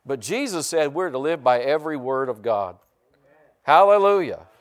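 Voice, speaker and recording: This is a man preaching from the pulpit, with a voice sitting a little higher than most men's. He leans hard on call-and-response and keeps coming back to the same phrases. He slows right down whenever he wants a word to land. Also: very animated. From United States. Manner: slows down to stress key words. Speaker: pastor. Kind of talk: sermon.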